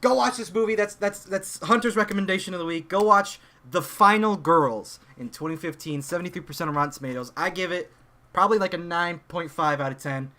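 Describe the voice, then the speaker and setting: A young man on a podcast, excitedly retelling a movie plot in casual chat, full of fillers and restarts. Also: high voice, a little fast. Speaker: podcast co-host.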